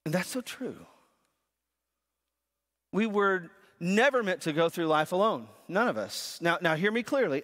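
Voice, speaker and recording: A man's voice: on the high side, lively intonation, normal speed, fairly bright tone. A man preaching a sermon as pastor, in a conversational way, often repeating words as he starts a phrase. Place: church sanctuary. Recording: long reverb of a church hall.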